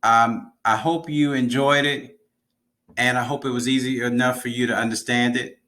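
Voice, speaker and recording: A man's voice: mid-range voice, fairly even intonation, moderate pace, sharp tone. A man teaching an online language lesson, explaining patiently and repeating key words.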